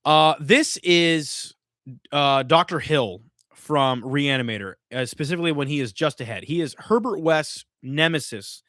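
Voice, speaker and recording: A man's voice: on the high side, unhurried, no echo, studio quality. A man hosting a casual live stream from home, swearing freely and a little drunk as he rants. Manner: profane, animated ranting. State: tipsy from drinking. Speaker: streamer host.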